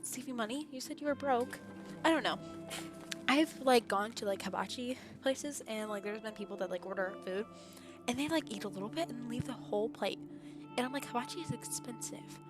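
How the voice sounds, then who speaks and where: A woman's voice: a little high, brisk. Chatty young woman reading game text. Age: young adult. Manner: chatty, many fillers, stumbles while reading aloud. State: somewhat out of breath. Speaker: streamer. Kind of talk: casual chat while reading a visual novel aloud. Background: game music.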